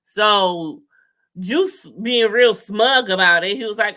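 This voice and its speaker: A young woman giving a casual, sassy TV episode recap, storytelling with sudden loud outbursts. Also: mid-range voice, unhurried. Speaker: recap host.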